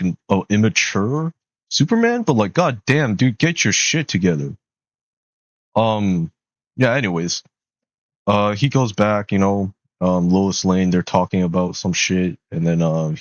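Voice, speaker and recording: Low-voiced man rambling a casual film recap. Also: no echo. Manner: loose slangy talk, many fillers, swears when exasperated. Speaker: movie reviewer. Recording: dull lo-fi sound.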